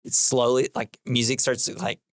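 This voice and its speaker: A young man talks through a movie plot on a podcast, wandering from one scene to the next with many fillers and quick acted-out lines. His voice sits at a middle pitch. The sound is dry and close, with no room around it. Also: level tone, vocal fry, no echo. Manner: rambling, filler-heavy retelling with acted-out quotes. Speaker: podcast co-host. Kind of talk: casual chat recapping a film.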